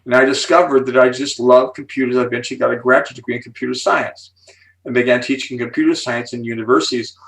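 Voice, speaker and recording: A gravelly-voiced man in his seventies explains with animated enthusiasm, building suspense before each key point like a seasoned speaker. His voice sits a little back from the microphone. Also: mid-range voice, fast, distant mic, low-quality recording. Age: 70s. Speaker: psychology speaker and author, interview guest.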